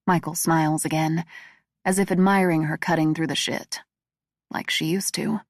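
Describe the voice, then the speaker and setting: A woman narrating a thriller audiobook with a steady, even reading. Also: low voice, moderate pace, dry recording, clean studio sound.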